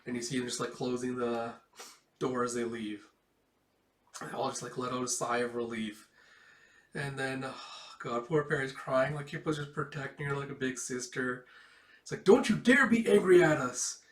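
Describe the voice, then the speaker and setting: A man's voice: medium pitch, little pitch movement, moderate pace, pauses often, fairly bright tone. Emotional man retelling a comic. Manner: emotional, filler-heavy retelling. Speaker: comic reader. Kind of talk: casual comic read-along. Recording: roomy, distant mic.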